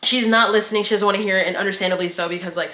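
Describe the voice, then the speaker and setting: A young woman talks through a reality show recap in a chatty, opinionated way, leaning on slang and plenty of "like". Her voice is bright and sits mid-range. The room around her is noticeably echoey. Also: medium pitch, fairly even intonation, racing. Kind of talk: casual recap commentary.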